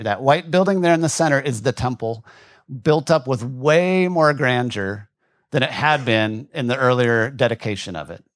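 Pastor, male, mid pitch, conversational sermon, voice going, dry close sound. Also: dry recording. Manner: conversational, asides and jokes to the congregation. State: losing his voice. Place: church hall.

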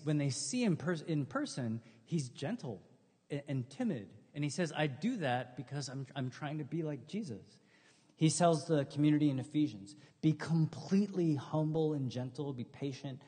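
Man, middle-aged, pastor, sermon, husky voice, casual storytelling, long hall reverb. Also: medium pitch, a little mellow. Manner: conversational, humorous storytelling with acted quotes.

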